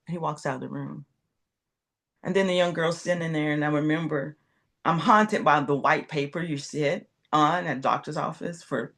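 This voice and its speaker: A woman in her fifties telling a personal story as an interview guest, acting out quoted dialogue. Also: sits low. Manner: animated, acts out quoted dialogue. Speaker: guest entrepreneur.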